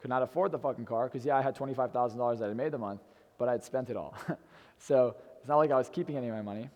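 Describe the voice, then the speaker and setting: A man's voice: mid-range voice, racing, a little mellow, in a large hall. A young man in his twenties telling a brash, swearing personal story to an audience in a hotel event room. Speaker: motivational speaker.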